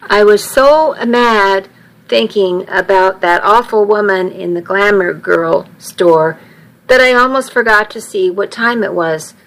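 A woman reads a first-person story aloud at a slow, careful pace. Her voice sits at an ordinary pitch. She sometimes trips on a word and restarts the phrase. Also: a bit bright, poor audio. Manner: reads with small slips and restarts. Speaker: narrator.

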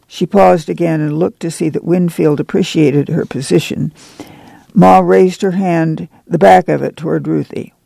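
A man narrating a novel in a measured, plain storytelling manner. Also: on the high side, steady tone, vocal fry, dark tone, no echo. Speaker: audiobook narrator. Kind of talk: scripted narration.

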